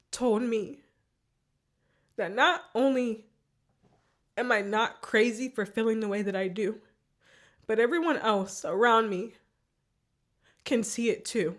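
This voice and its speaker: A woman vlogger telling a personal story in a candid, emotional way, often repeating herself. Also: a little high.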